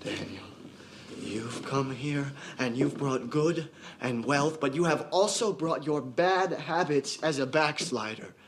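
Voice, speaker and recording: An actor playing a zealous young male preacher in a film, commanding and given to shouting. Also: medium pitch, slow, a little hiss or hum, lightly acted. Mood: stern. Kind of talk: film drama.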